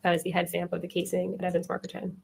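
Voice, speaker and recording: Flat, quick-speaking woman witness. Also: on the low side, creaky, a little hiss or hum. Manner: brief, matter-of-fact answers. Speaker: witness, crime scene investigator. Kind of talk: courtroom testimony. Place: courtroom.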